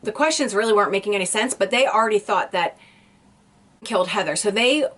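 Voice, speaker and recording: A woman's voice: medium pitch, quick pace, fairly bright tone. A woman YouTuber casually retelling a true crime story, rambling with restarts and lots of "like".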